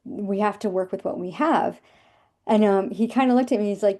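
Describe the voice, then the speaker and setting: A woman's voice: mid-range voice, brisk, mellow. A woman in her fifties, a business coach giving an emphatic, repetitive motivational talk over a video call.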